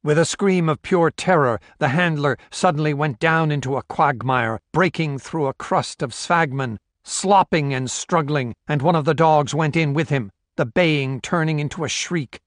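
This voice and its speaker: Measured male audiobook narrator, dry. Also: on the high side, no echo. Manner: steady, measured storytelling with voiced dialogue. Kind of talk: scripted narration.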